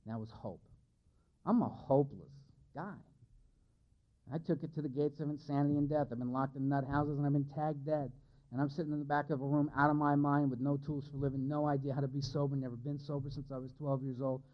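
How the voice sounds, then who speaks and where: A man giving a candid, self-mocking personal testimony as a speaker at a recovery meeting. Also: medium pitch. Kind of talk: personal testimony to a live audience. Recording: lo-fi, dull recording.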